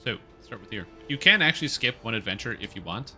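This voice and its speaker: A man's voice: mid-range voice, very animated, fast talker, pushed and bright, soft background music. A young man casually commenting on his gameplay as a streamer, chatty and joking while he explains what he is doing. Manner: chatty, jokey, explains as he plays. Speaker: game streamer.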